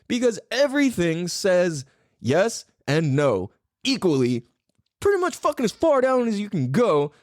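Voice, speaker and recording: A male podcast host who rants in a loose, rambling way and swears constantly. His pitch sits a little high and swings widely as he talks, and the sound is close and dry with no room around it. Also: no echo. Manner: profane, animated, rambling. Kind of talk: casual podcast rant.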